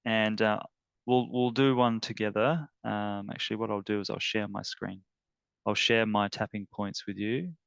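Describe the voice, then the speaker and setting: Man, wellness teacher, gravelly, smooth resonant voice, dry close sound, slightly dull lo-fi audio, halting with fillers. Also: fairly low pitch, flat delivery, no echo. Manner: halting, filler-heavy, earnest. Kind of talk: guided tapping demonstration.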